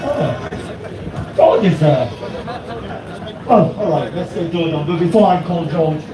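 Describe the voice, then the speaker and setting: A man's voice: fairly high pitch, lively intonation, slow pace. A man from the United Kingdom speaking at an outdoor street rally, rousing the crowd with an impassioned speech and leading chants through a handheld mic. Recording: echoey street, from a distance, loud crowd.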